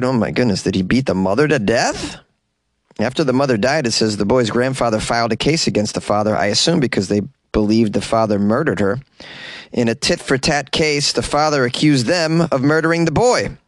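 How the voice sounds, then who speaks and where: A comedian with a raspy voice hosts a weird-news podcast, reading stories straight and then breaking off into wry, disbelieving jokes. His pitch sits mid-range for a man. It is recorded in a small closet, so the sound is close and completely dry. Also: no room sound. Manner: wry, incredulous, joking asides.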